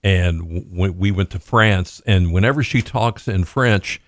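A man's voice: sits low, a little slow, dry recording, studio quality. An older man with a Kentucky accent, co-hosting a radio show and telling jokey stories in a casual way. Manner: storytelling, jokey. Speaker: radio co-host.

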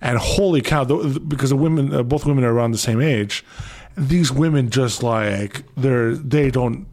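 Man, canadian accent, radio host, rambling, excitable, mid-pitched voice, radio studio. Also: moderate pace. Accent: Canadian English. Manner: rambling, excitable storyteller with many restarts and fillers. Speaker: departing radio show host. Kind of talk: casual radio interview.

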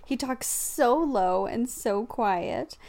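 A woman's voice: a little high, lively intonation, slow pace, a little mellow. Laughing, swearing woman in casual chat. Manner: profane, laughing, exclaiming.

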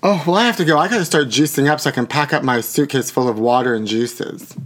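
Dramatic, rambling podcast host. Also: male voice, mid-range voice, fast, a bit bright. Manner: dramatic, self-mocking and rambling. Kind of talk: casual podcast chat.

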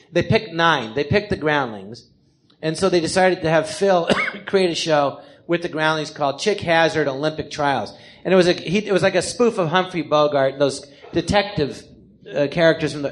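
A man in his fifties with an American accent, telling his life story on stage as a comedian, animated and acting out the people he quotes. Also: on the high side. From Los Angeles, California. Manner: animated, acts out quoted people in different voices. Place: live theatre stage before an audience.

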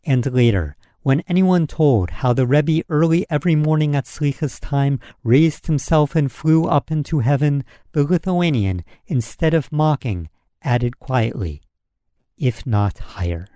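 A man reading a folk story aloud in a measured, solemn storytelling manner. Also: fairly high pitch, animated, dark tone, no echo, clean studio sound.

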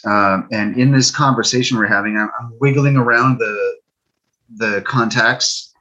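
A man's voice: medium pitch, fairly even intonation, measured pace, sharp tone, poor audio. A man casually telling a story about a fix, retelling it with quotes and fillers.

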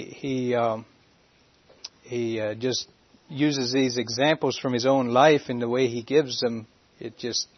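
A man giving an informal church teaching in a halting way, often pausing and searching for words. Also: medium pitch. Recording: dull lo-fi recording.

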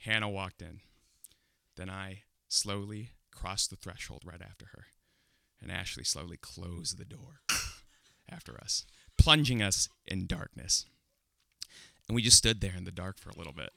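A young man with a lowish but bright, forceful voice tells a comic personal story, laughing often as he drives the tension up. The sound is dry and close, with no room around it. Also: moderate pace, gravelly, dry recording.

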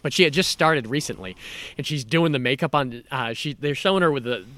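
Man, bright forceful voice, casual podcast chat, animated storytelling, laughs and swears, dry close sound. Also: medium pitch, brisk, no room sound.

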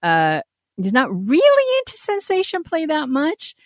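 A woman co-hosting a candid casual chat, telling stories with animated swoops and frequent laughs. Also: sits high, a little slow, no echo, clean studio sound. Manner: animated storyteller, swoops up when quoting; laughs often. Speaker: podcast co-host.

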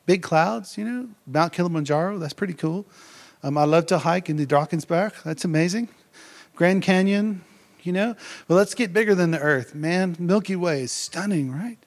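A man delivers a sermon in a loose, conversational way, checking in with "right?" as he goes. His voice sits high and carries a gravelly edge. He swings from quiet asides to excited near-shouts. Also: moderate pace. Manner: energetic, conversational, keeps asking "right?". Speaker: preacher.

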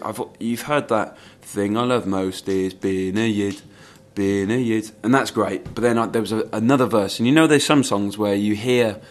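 A man co-hosting a casual fan podcast, rambling through stories with many restarts and reading out quotes. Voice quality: says he has quite a high-pitched voice. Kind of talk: casual chat.

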